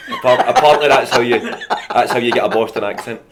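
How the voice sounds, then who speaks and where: A Scottish comedian in his thirties, appearing as a guest, talks quickly in a mid-range voice over crowd noise. He chats casually and tells stories, laughing often.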